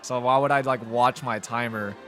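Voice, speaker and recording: A man giving let's play commentary in a frustrated, rambling, halting way from a home gaming setup. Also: mid-range voice, steady tone, music in the background. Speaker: gaming channel host.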